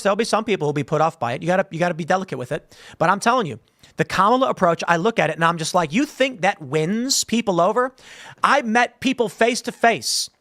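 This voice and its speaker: A man hosting an animated political commentary show, blunt and conversational, with a sarcastic edge. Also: high voice, no echo, clean studio sound. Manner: sarcastic, mocks canvassers with impressions.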